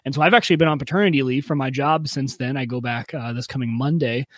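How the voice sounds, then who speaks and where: A man's voice: medium pitch, fast talker, no echo, clean studio sound. A man, a podcast co-host, chatting in an easygoing, self-deprecating way. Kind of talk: casual chat.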